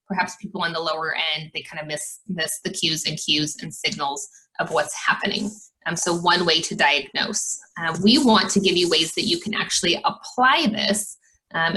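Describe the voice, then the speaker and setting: A woman's voice: on the low side, bright, forceful tone, poor audio. A woman co-presenting a leadership webinar, explaining points from slides with a lot of "um". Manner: explains from slides, with frequent "um" fillers.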